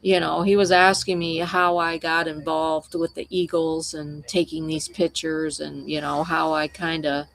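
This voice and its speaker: A woman's voice: low-pitched, little pitch movement, unhurried, creaky, few pauses, a bit bright. A woman wildlife photographer chatting casually with livestream viewers, telling meandering, conversational stories.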